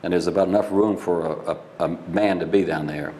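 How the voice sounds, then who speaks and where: A man's voice: low-pitched, fairly even intonation, fairly quick, warm tone. An older man, a Navy veteran, telling rambling stories in a casual interview and laughing at his own pranks.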